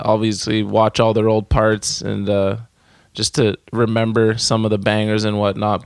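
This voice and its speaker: A man's voice: on the low side, clear, resonant tone, no room sound, clean studio sound. A man hosting a podcast, asking a guest questions in a laid-back, casual way. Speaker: podcast host.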